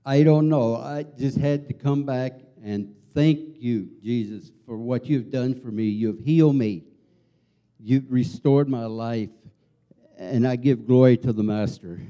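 Man acting as a healed leper, humble and devout, slow fervent praise, dark warm voice, church skit. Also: mid-range voice, lightly acted. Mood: earnest.

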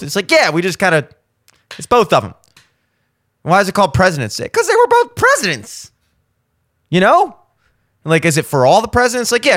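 A man's voice: on the high side, fairly bright tone. A man hosting a podcast, delivering a profane, sarcastic comedic rant and acting out mock conversations. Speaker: podcast host. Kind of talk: ranting comedic monologue.

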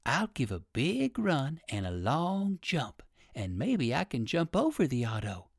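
A man voicing a kindly, excitable old gentleman rabbit in a children's storybook reading, with high fluttery exclamations. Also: measured pace, creaky, husky, no echo, studio quality, full character voice. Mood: anxious.

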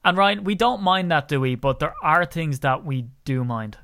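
A man's voice: on the high side, lively intonation, normal speed, fairly bright tone. An Irish man hosting a podcast in casual chat, talking in a chatty, ranting way that gets worked up. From Ireland. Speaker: podcast host.

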